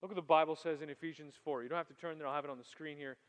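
A man preaching a sermon to young people, animated, swinging from loud emphasis to quiet asides. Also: on the high side, rapid-fire. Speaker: youth pastor. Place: church hall. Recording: long hall reverb.

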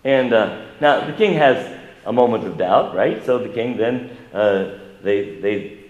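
A man preaching a sermon to his congregation in a conversational way, asking them questions and building up in pitch and volume for emphasis. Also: animated, a little slow, darkish tone, lo-fi sound. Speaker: pastor. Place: church sanctuary. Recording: echoey church hall.

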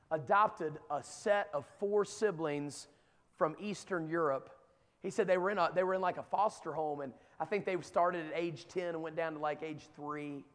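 Middle-aged male preacher, high voice, swings from hushed stories to shouting in a big church. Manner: builds from quiet storytelling to shouted exhortation. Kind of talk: sermon to young people. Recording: long hall reverb.

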